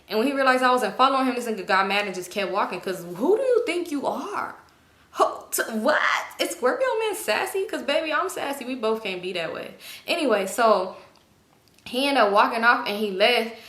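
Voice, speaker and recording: Woman, storytime vlog, sassy, animated, bright edgy tone, roomy echo. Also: medium pitch. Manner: animated, acts out quoted dialogue with sassy asides. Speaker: storytime YouTuber. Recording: echoey room.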